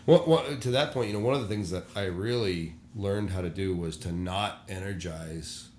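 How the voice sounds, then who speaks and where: A man's voice: sits low, moderate pace, a little mellow. A man who leads church worship, speaking candidly in a casual podcast conversation and acting out the people he quotes. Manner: candid storyteller, acts out quoted voices. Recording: roomy echo.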